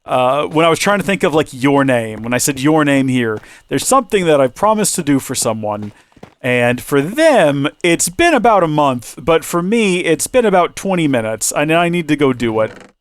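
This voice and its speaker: Guy chatting away over a game, jokey and rambly, voice kinda going, a bit high. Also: big pitch swings, normal speed, clean tone, no echo. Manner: rambling, joking, teasing viewers. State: losing his voice. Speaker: gaming channel host. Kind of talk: chatty let's-play commentary.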